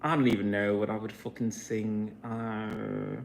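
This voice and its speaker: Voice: medium pitch, little pitch movement, unhurried, slight background noise. A vlogger in a casual rambling monologue, swearing often and wandering between thoughts while second-guessing themself. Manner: profane, meandering, self-questioning.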